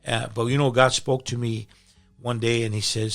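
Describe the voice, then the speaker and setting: Gravelly-voiced male pastor telling his testimony. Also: medium pitch, flat delivery, normal speed, fairly bright tone, faint music behind. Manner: emotional, repeats words when moved. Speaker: pastor, podcast guest. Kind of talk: personal testimony in conversation.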